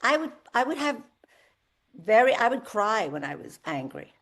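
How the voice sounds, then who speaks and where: Lively woman in her seventies. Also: on the high side, moderate pace. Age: 70s. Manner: lively storyteller, acts out quoted voices. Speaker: guest singer. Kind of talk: candid podcast interview.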